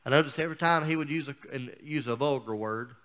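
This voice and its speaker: A man's voice: medium pitch, fast talker, a bit bright. A man speaking as a guest preacher, telling a personal story in a folksy, down-home sermon style.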